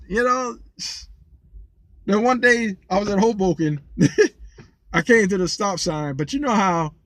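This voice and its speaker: A man with a slightly raised voice rambles through a casual vlog monologue and keeps restarting and repeating his words. He sounds lively and incredulous when he tells his stories. The recording is close and completely dry. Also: a little high, dry recording. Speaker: vlogger, former rideshare driver.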